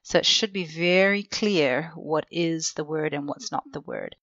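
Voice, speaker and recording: A woman who trains language teachers, explaining vocabulary teaching in a casual, clear way, often asking rhetorical questions as she goes. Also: sits low, measured pace, a bit bright, no echo, highs cut off. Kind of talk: instructional podcast talk. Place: seated indoors.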